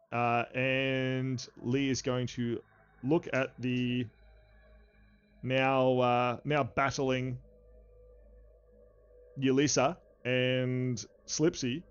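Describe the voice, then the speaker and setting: A man running a tabletop game as game master, narrating in a relaxed way with frequent filler sounds. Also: medium pitch, clean tone, dull audio.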